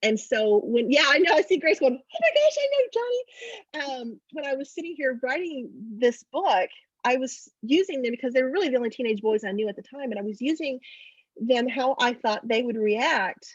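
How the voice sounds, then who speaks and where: A middle-aged woman author in a casual interview over a video call, telling stories in a chatty, animated way. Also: on the high side, fairly quick, husky, no room sound, highs cut off.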